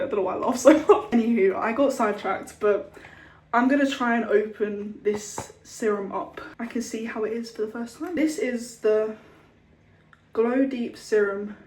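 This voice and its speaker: A woman's voice: on the high side, normal speed, a little mellow, a little hiss or hum. A young woman chatting casually to camera about her skincare, swearing freely and acting out the people she met. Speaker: skincare vlogger. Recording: roomy echo, a bit far from the mic.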